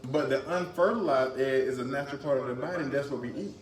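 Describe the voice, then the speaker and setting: A man co-hosting a comedy podcast live on a bar stage, talking in animated casual banter. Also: medium pitch, quick pace, crowd noise. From rural upbringing. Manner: animated, laughing, excitable. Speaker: podcast co-host. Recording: roomy live recording from far off.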